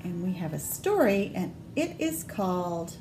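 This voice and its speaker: Woman, children's librarian, storytime read-aloud: slow, sing-song, expressive, with roomy echo. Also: lowish voice, faint music behind.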